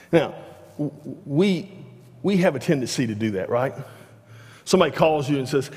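A man's voice: mid-range voice, normal speed. Male pastor preaching in a reverberant hall. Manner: conversational preaching with repeated restarts, animated rises. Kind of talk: sermon. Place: church sanctuary.

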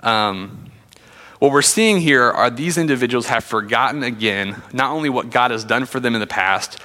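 A man's voice: mid-range voice, moderate pace, pushed and bright, in a large hall. A man teaching from the Bible in a conversational sermon, reading passages aloud with frequent fillers.

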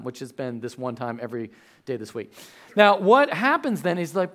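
A man in his thirties giving a sermon as a pastor, chatty and animated, telling stories with sudden loud outbursts. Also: mid-range voice, normal speed.

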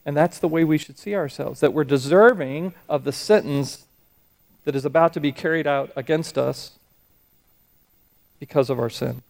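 A middle-aged man preaching a sermon, speaking earnestly and slowing down when he reads scripture and hymn verses. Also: on the high side, gravelly, a little mellow. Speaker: pastor.

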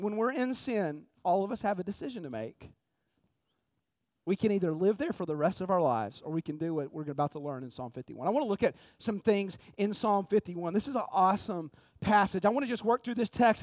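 A man preaching a sermon in a conversational, energetic way, often saying "man". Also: sits high, no echo. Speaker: pastor. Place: church sanctuary.

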